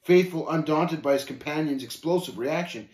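A man reading a story aloud in a church setting, with animated, expressive storytelling. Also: fairly high pitch, moderate pace, roomy sound. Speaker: reader. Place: church room.

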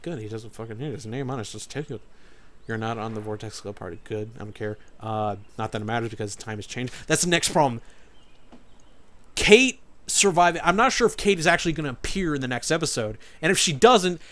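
A man's voice: mid-range voice, brisk. A man commenting on a story game as a let's-play host, ranting with irritation and frequent swearing. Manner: animated, swears often, irritated rants.

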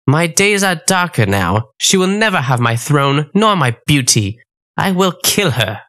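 A woman's voice: low-pitched, very animated, measured pace, a bit bright, full character voice. A woman voicing a vain, jealous evil queen in a comic audiobook, petty and indignant. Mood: scheming.

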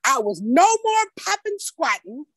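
A woman telling a personal story at a story slam over a video call, in a slow, expressive, folksy way. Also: high-pitched, dry recording.

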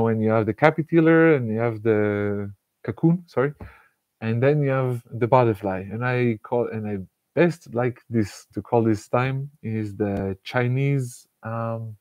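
A man, giving a casual, animated self-help talk and laughing often between thoughts. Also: mid-range voice, no echo, dull audio. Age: 40s. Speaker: motivational speaker.

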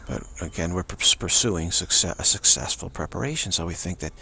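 Gravelly low-voiced man teaching spirituality. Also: brisk, sharp tone, slight background noise. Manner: rambling and repetitive, with frequent restarts. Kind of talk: unscripted spiritual teaching monologue.

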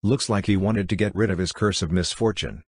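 A man's voice: sits low, fairly quick, slightly rough, dry recording, clean studio sound. A male audiobook reader voicing greedy, bold male pirates who talk in a blustering, persuasive way. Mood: eager. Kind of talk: audiobook character reading.

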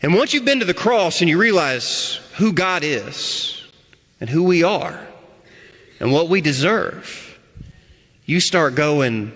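A man preaches to his congregation, his voice bright and a touch high for a man. He swings from loud, rising appeals to quiet, hushed lines. The sound carries the long echo of a church hall. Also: lively intonation, takes it slowly. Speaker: pastor. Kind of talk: sermon. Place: church sanctuary.

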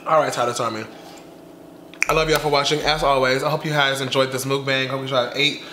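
Stuffed after his meal, a young man keeps up sassy, chatty mukbang vlog talk full of drawn-out slang. He speaks at medium pitch in a steady, bright, forceful tone. There's an echoey room and slight background noise.

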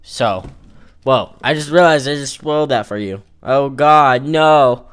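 A man's voice: mid-range voice, a little slow, fairly bright tone, clean tone. A man giving casual let's-play commentary, teasing and joking with the game's characters as he plays. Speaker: gamer playing an online role-playing game.

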